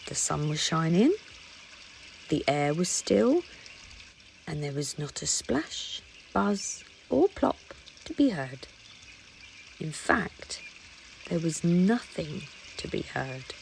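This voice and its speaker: A woman reading a children's picture book aloud in an expressive storytelling voice. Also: low voice, slow pace, gravelly, long pauses, slight background noise. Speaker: storybook reader.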